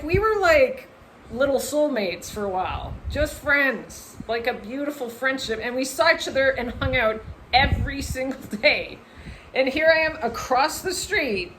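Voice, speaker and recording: Woman vlogger telling a story, kinda high voice, lots of "like", bit of background hum. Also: low-quality recording. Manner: animated, lots of "like", acts out voices in her story. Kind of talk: casual storytelling to camera.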